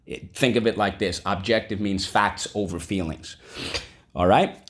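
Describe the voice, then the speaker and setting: A man's voice: on the low side, normal speed. A man teaching a vocabulary lesson, spelling words out and checking in often with the class. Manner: animated, spells words aloud and checks in with "okay? right?".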